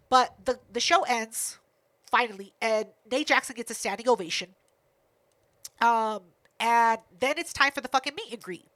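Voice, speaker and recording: A woman with a high, bright voice tells a story on a podcast. Her delivery is brash, profane and animated. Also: moderate pace. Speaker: podcast co-host. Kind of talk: casual storytelling chat.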